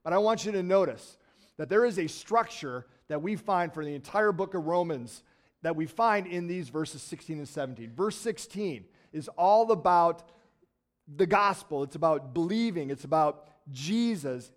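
A man with a fairly high voice preaches to his congregation in a church sanctuary. He talks like he is chatting with friends, tosses in quick asides and jumps into bursts of excitement. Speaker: pastor. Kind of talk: sermon.

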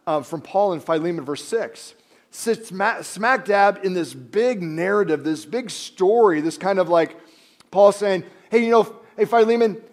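A man preaching a sermon, animated, acting out biblical characters and dropping to quiet emphasis. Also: sits high. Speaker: pastor.

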